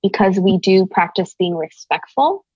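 A woman's voice: mid-range voice, lively intonation, moderate pace, darkish tone, husky, no room sound, highs cut off. A woman raised in the United States, speaking as an interview guest in an earnest, thoughtful way, searching for her words. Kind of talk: reflective conversation.

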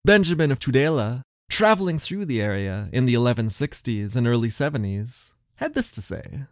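A man's voice: medium pitch, lively intonation, normal speed, no echo, studio quality. A man hosting a history podcast, telling the story in scripted narration with wry asides.

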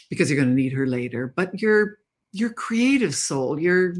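A woman's voice: low-pitched, expressive, moderate pace. An older woman, a guest author speaking candidly and reflectively in an interview. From Canada. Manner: reflective, candid storytelling with laughs. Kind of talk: interview conversation.

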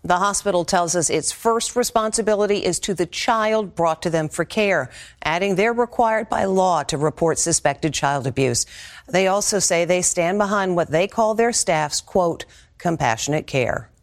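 Low-voiced woman anchoring TV news. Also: normal speed. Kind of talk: broadcast news reading.

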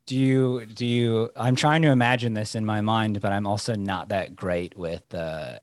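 A man chatting as a podcast guest, telling lively, rambling stories. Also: on the low side, moderate pace, dry recording. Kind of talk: casual chat.

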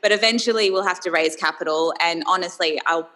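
A young woman with an Australian accent talks freely as an interview guest, her voice bright and forceful and a little low. She laughs often and fills her sentences with "like" and "you know". The sound rings with a long hall reverb. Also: a little fast. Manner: chatty and upbeat, laughs often, many fillers. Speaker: startup founder, guest. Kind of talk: casual interview conversation.

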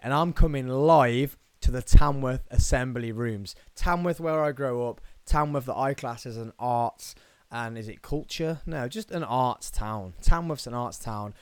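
A man from England with a Birmingham accent hosts a solo podcast, talking in an energetic, playful way with jokey asides. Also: medium pitch, clear, resonant tone, no echo. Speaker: podcast host.

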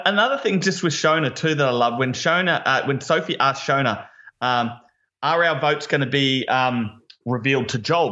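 Bright, forceful man in casual recap chat. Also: on the high side, dull audio. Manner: animated, repeats words when excited. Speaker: podcast co-host.

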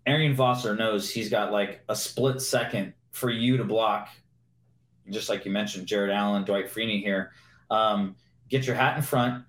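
A man and former pro football player telling lively, fast-moving stories as a guest in a casual interview. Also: on the low side. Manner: animated, quick anecdotes. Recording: roomy echo.

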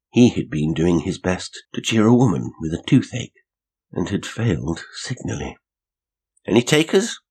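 Husky, deep-voiced male storyteller. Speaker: narrator. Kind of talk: audiobook reading of a mystery story.

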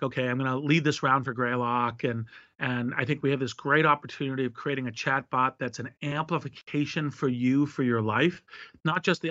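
A man's voice: mid-range voice, bright, forceful tone, no echo. A man answering an interviewer's questions at length, expansive and talking in running lists and acted-out examples. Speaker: guest, tech investor. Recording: dull, slightly lo-fi dry sound.

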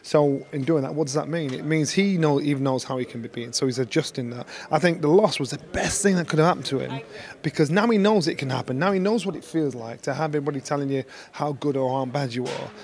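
A man chats about boxing with blunt confidence and a teasing streak. His voice sits slightly high, and he gets animated as he makes his point. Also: quick pace, gravelly. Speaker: boxing pundit. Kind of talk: casual chat.

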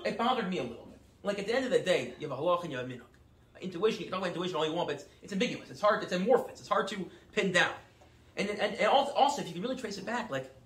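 Fast, bright-voiced man teaching a class. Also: sits high, roomy sound. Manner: animated storytelling, acts out quotes with quick asides. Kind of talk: Torah class lecture.

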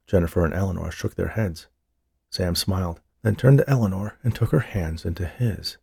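A man narrating an audiobook in a steady, even storytelling manner. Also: low voice, fairly quick, creaky, breathy edge, dry recording, studio quality. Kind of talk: scripted narration.

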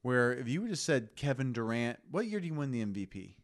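A man co-hosting a casual sports podcast, giving opinionated takes with animated asides. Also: medium pitch, fast talker.

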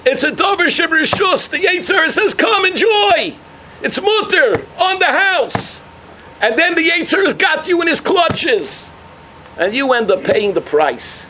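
A man giving a sermon full of jokes and parables, telling them with energy and shouting out the punchlines. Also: very high voice, slight background noise. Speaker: rabbi giving a talk.

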